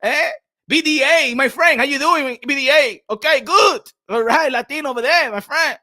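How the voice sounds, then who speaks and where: A man with a Dominican accent hosting a boxing show in a casual live-stream chat, playful and loud, laughing often and mixing English with Spanish. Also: very high voice, moderate pace, no room sound, clean studio sound. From Dominican Republic. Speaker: boxing YouTube host.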